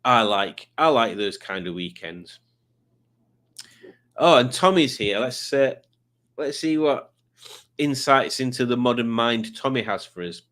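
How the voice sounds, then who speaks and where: A man's voice: mid-range voice, animated, measured pace, pauses often, a bit bright. A man hosting a live stream, reading viewer comments in a rambling, playful, self-deprecating way.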